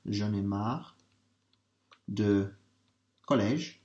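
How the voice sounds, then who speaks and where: A man teaching a revision lesson, working through translations step by step and asking his students quick questions. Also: lowish voice, darkish tone, highs cut off. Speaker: language teacher. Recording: roomy echo.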